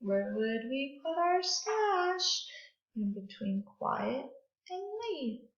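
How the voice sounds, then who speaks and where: A woman teaches second graders grammar and phonics, speaking slowly and clearly, in a fairly high voice. She leads the children through drills, asking them to repeat words and clap them out. The lesson is recorded in an echoey room, with a dull, lo-fi sound. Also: very animated. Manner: slow, clear, encouraging teacher talk with call-and-response drills.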